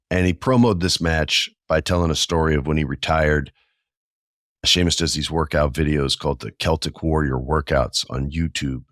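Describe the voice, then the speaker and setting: A man in his forties with a low, deep voice, talking through a solo podcast episode. He tells stories with casual enthusiasm and slangy asides. The sound is dry and close, with no room around it. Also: fairly bright tone, dry recording. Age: 40s. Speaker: podcast host.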